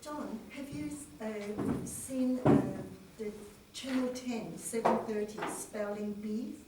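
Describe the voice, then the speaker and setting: A woman's voice: fairly high pitch, heavy background noise. Hesitant woman student in echoey classroom. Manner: hesitant, halting with fillers. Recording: echoey classroom, far mic, chatter.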